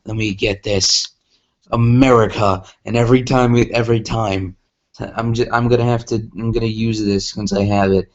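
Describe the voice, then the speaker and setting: A man's voice: fairly low pitch, fairly even intonation, normal speed, muffled recording. A man rambling casually, self-mocking, while reading a story aloud over a game. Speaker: gameplay vlogger.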